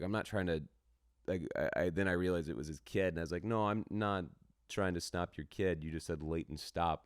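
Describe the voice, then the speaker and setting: A man with a very low, smooth, resonant voice co-hosts a podcast in loose casual chat. He rambles through long tangents and drops swear words freely. The sound is dry and close to the mic. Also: dry recording. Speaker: podcast co-host.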